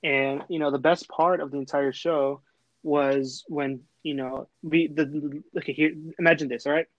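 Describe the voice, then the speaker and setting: A man's voice: fairly high pitch, steady tone, moderate pace, no room sound, dull audio. A young man from Texas, hosting a casual chat and telling a long, rambling story full of fillers and restarts. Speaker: host.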